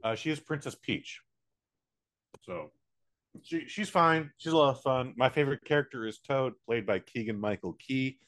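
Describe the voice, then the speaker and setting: Animated, profane American man. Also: medium pitch. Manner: animated, profane, does quick silly voices. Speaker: podcast co-host. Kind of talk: casual movie review chat.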